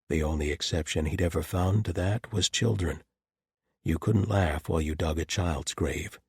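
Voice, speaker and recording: Low, husky male audiobook narrator. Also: moderate pace, a little mellow, dry recording, studio quality. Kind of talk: scripted narration.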